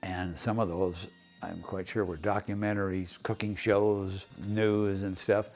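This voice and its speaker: An older man, a retired highway patrol officer, recalling his past in a plain, matter-of-fact way in an interview. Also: level tone, a little slow, darkish tone, soft background music. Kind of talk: reminiscing interview.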